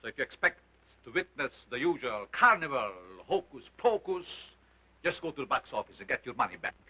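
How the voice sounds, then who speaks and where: An actor playing a sinister carnival scientist with a strange foreign accent, declaiming grandly in a 1930s film. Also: male voice, mid-range voice, sing-song, a little fast, husky. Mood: grandiose. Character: sinister showman scientist, older man, theatrical. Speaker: carnival lecturer. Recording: dull lo-fi 1930s film sound.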